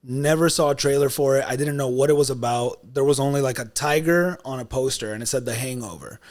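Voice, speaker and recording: A young man co-hosting a podcast, talking in a casual, animated way and slipping into mock voices for jokes. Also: mid-range voice, a little fast. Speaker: podcast co-host. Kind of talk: casual chat.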